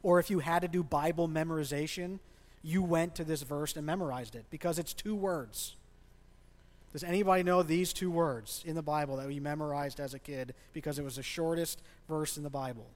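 A pastor preaches a sermon in a church, his voice on the high side, brisk and a little mellow. He speaks conversationally and asks the congregation questions, with the long reverb of a large hall around him.

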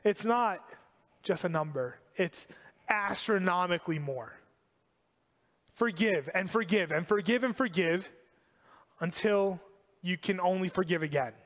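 A man preaching a sermon to a congregation, animated and emphatic, repeating key phrases. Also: high voice, measured pace, pauses often, big-room sound. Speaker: pastor.

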